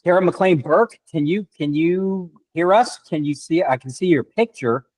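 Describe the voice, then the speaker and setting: A man's voice: fairly high pitch, moderate pace, no room sound, rough recording. Dry-sounding male host on a video call. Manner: warm, chatty, greets each guest by name. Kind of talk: casual video-call reunion chat.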